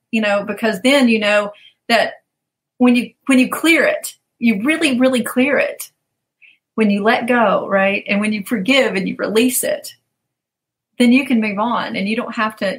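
Woman, coach, interview guest; lively storyteller who voices the people she quotes; somewhat high pitch. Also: poor audio. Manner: animated, acts out quoted voices, laughs often.

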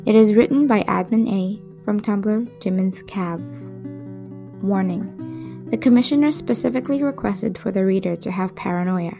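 A woman host reading a fan-fiction story aloud in calm, measured scripted narration. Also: mid-range voice, creaky, soft background music.

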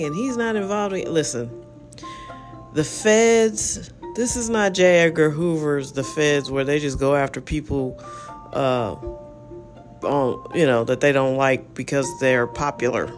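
A man's voice: a little high, measured pace, faint music behind. A man hosting a casual solo podcast, talking in a rambling, frank way full of fillers. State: yawning, relaxed. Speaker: podcast host.

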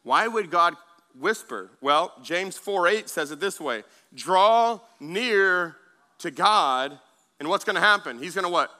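A man preaching a sermon as pastor, conversational, with quick asides to the congregation and frequent repeated words. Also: high-pitched, animated, sharp tone.

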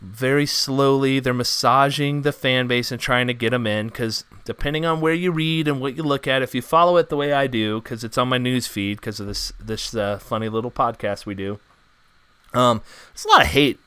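Bright-voiced podcast host rambling casually. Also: male voice, mid-range voice, normal speed, smooth, dry recording. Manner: rambling, filler-heavy, upbeat. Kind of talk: casual gaming news chat.

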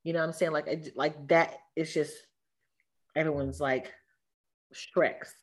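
A woman in casual chat, blunt and animated, talking in quick bursts. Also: low voice.

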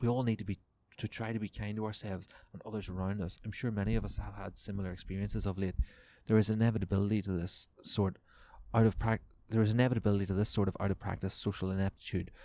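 A man's voice: on the low side, little pitch movement, quick pace, mellow. A man hosting a podcast, reading a newspaper column aloud and breaking off into sweary, mocking rants. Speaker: podcast host. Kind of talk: reading aloud and ranting commentary.

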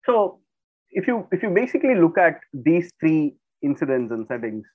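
A man's voice: a little high, very animated, moderate pace. A man giving an informal Bible teaching, retelling the stories conversationally with many fillers. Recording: narrow phone-like audio.

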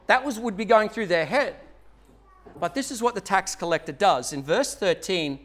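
A male pastor from Australia delivers a sermon in a church. His voice sits high for a man, and his preaching is earnest and conversational, pressing hard on key points before easing back. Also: expressive, normal speed, a bit bright.

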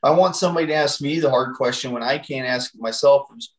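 A man's voice: medium pitch, fast talker, low-quality recording. A married man speaking earnestly and directly as a guest in a candid faith podcast conversation, giving advice to other men.

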